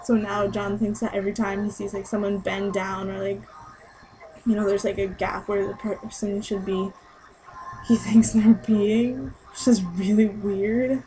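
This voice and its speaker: In this casual vlog, a young concert-goer gushes about a show she saw, dropping "like" into nearly every phrase. Her mid-range voice is flat, unhurried and mellow. The audio is poor, with faint music behind her.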